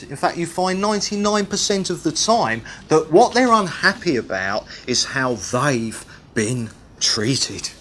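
A man delivers a sermon in an animated, sing-song way, his fairly high voice swooping up and down. He repeats key words for emphasis and drops in joking asides. A faint hum sits behind him. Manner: animated teaching with humorous asides and repetition. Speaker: preacher.

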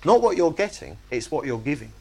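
A man's voice: on the high side, a little fast, gravelly. A man preaching a sermon, emphatic and conversational, often asking his listeners whether they see his point. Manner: animated, emphatic, asks the congregation "you see?".

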